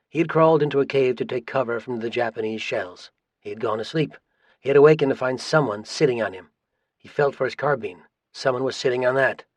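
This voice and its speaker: A man narrating a military history audiobook in a measured, steady reading voice. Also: mid-range voice, no echo. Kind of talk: scripted narration.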